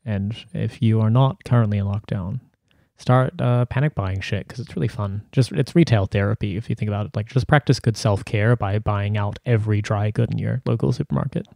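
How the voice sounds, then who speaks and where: A man's voice: fairly low pitch, brisk, gravelly, darkish tone, dry recording, clean studio sound. A man co-hosting a podcast in casual comedic chat, sarcastic and profane, with hesitant restarts. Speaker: podcast co-host.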